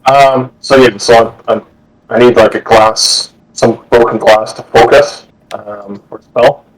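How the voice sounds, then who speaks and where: A man playing a tabletop game over a video call, walking through his spell and its rules in a deliberate, step-by-step way. His voice sits in an ordinary middle register. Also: mid-range voice, steady tone, low-quality recording. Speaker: player. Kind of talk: casual tabletop game play.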